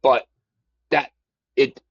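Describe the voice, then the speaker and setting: A man's voice: extremely slow, no echo. A man, a golf instructor, telling a heartfelt story in casual interview chat with many restarts. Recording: dull lo-fi dry sound.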